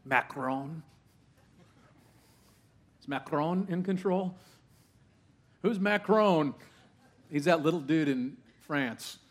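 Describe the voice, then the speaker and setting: A man preaching a sermon to a live congregation in a church, in a conversational style full of questions, swinging from hushed asides to loud, rising exclamations. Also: a little high, takes it slowly, long pauses. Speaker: pastor.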